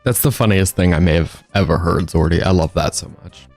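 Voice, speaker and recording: With faint music in the background, a man talks fairly quickly in a low, darkish voice as he casually narrates his gameplay for a stream. He's wry, chats with himself and viewers, and laughs frequently.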